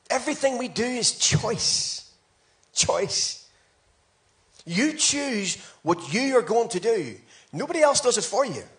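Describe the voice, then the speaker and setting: A man pastor preaching a sermon, exhorting his congregation with emphatic, repeated phrases. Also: high-pitched. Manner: emphatic, repetitive exhortation with rising shouts.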